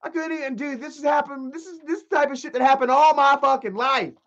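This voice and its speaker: A man's voice: extremely high pitch, steady tone, brisk, fairly bright tone. A man hosting a livestream, telling a long, rambling story full of swearing and restarts. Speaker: livestream host. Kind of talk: casual livestream rant. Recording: dull lo-fi stream audio.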